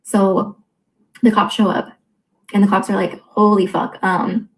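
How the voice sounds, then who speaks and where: A woman in her twenties telling a personal story in a candid vlog, blunt and full of profanity, quickly acting out what others said. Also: mid-range voice, flat delivery, poor audio. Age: 20s. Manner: quotes others in quick reported dialogue. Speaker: vlogger.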